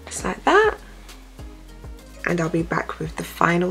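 Talking at home into a phone, a young woman walks through a hair tutorial in a relaxed, chatty, step-by-step manner. She's a hair vlogger with a fairly low, unhurried voice full of vocal fry, and faint music plays behind her.

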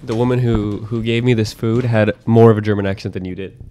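A man's voice: fairly low pitch, steady tone, brisk, warm tone, slight background noise. A young man in a casual podcast chat, laid-back and a bit hesitant, laughing between words. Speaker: podcast guest.

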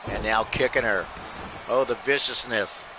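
A man's voice: lowish voice, a little slow, noisy background. A man casually calling a video game wrestling match play-by-play for a live stream, often addressing the audience as folks and joking as he goes. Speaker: host and play-by-play commentator.

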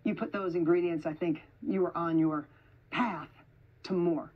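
A woman giving an energetic, emphatic motivational speech to an audience in an event hall, repeating phrases for effect. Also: on the low side, measured pace, lo-fi sound. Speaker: motivational speaker.

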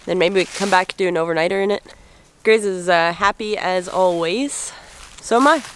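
A woman's voice: fairly low pitch, a little fast. Woman, groggy morning voice, chatty, filler-heavy, outdoors in the woods, faint noise. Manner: chatty, rambling, with many fillers. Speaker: bushcraft vlogger. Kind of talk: casual outdoor vlog.

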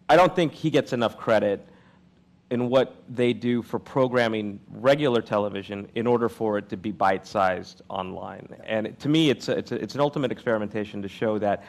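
A man hosts a live conversation on stage, his voice fairly low and gravelly. He takes his time building up to long questions, stumbling over a few starts on the way. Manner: hesitant, many restarts. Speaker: moderator. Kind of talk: on-stage interview.

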